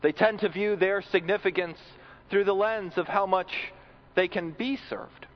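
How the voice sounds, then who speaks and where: A man's voice: high voice, measured pace. Male preacher, earnest sermon delivery with repeated words, muffled lo-fi recording. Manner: earnest, repeats words when building a point.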